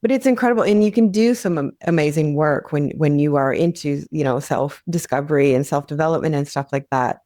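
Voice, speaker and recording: A woman's voice: deep voice, a little fast, few pauses, mellow, dry recording, studio quality. A young adult woman sharing her experience as a podcast guest, earnest and candid, with frequent fillers and restarts.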